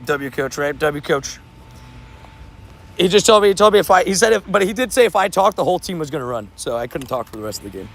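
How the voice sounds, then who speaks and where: A young man streaming, telling sports stories in a casual, animated way, laughing and repeating himself. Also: fairly high pitch, fast talker, vocal fry. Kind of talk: casual livestream storytelling.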